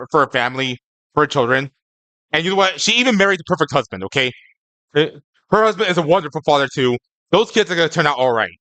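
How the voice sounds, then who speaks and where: A young man chats with his live-stream viewers in a loose, rambling way, stumbling over his words and checking in with "okay?". His voice sits a bit high and has a bright, forceful edge. The sound is close and dry. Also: no room sound. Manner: rambling and stammering, tags lines with "okay?".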